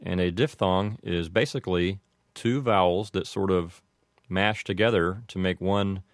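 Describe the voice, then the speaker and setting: A very deep-voiced man teaches how Latin phrases are said. He talks in a steady, methodical way and slows down for each example. His voice sounds dry and close, with no room echo. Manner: measured, methodical explanation with slow spelled-out examples. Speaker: language teacher. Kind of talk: explaining Latin pronunciation.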